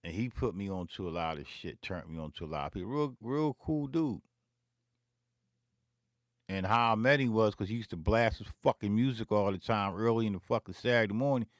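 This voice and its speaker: A Philadelphia beatmaker and vlog host with a fairly low voice tells a long, rambling, profane story to camera from his home music studio. He speaks fairly quickly and repeats himself, and there's no echo.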